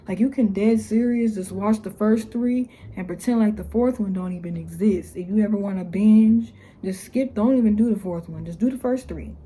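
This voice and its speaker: A young woman talking casually to camera, blunt and exasperated, with slangy phrasing and mocking quotes in a higher voice. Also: a little fast, hardly any pauses, warm tone, breathy edge. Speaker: YouTuber. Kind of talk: casual opinion vlog.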